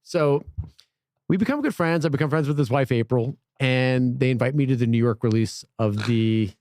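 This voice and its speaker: A podcast guest tells a long story in casual conversation, animatedly performing the voices of the people involved. His voice is medium-pitched at a moderate pace, with studio-quality sound and no echo.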